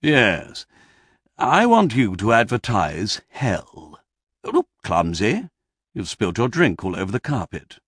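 A courteous, scheming gentleman devil, put on by a male reader, speaking low and unhurried with a husky edge. He lets his polite remarks rise and fall widely, dry and close, as if bargaining over a desk in a storybook. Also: huge pitch swings, no room sound, exaggerated voice. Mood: persuasive.

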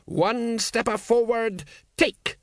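A man voicing a blustering middle-aged sergeant who barks loud, strained orders in an audiobook. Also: very high-pitched, slow, dry recording, clean studio sound, voice pushed up, exaggerated voice. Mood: barking.

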